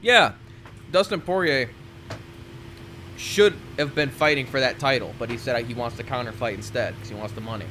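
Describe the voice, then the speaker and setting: A man's voice: medium pitch, normal speed, bright, forceful tone, a little hiss or hum. A man co-hosting a casual podcast who makes blunt predictions and swears freely. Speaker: podcast co-host.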